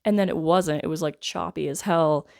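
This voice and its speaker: Low, gravelly-voiced woman reviewing a movie. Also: moderate pace. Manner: rambling and wry, full of "like" and "I guess". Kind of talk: casual spoken film review.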